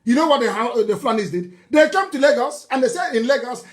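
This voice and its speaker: Nigerian man delivering a fiery political broadcast; mocking tone, hammering repetition, sudden shouts. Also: extremely high pitch, expressive, quick pace, few pauses. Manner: fiery, mocking, scornful laughter, repeats phrases, bursts into shouting. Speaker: political activist leader.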